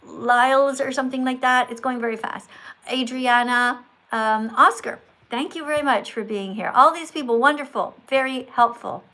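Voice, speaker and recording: A woman's voice: high voice, moderate pace, sharp tone. A woman hosting a live stream in a schoolteacher tone, correcting and praising viewers with emphatic delivery. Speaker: livestream host.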